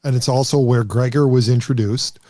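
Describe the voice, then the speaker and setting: A man with a mid-range voice co-hosts a podcast, chatty and quick to joke. The sound is dry and close, with no room echo. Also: mid-range voice, fairly even intonation, dark tone. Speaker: podcast co-host. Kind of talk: casual chat.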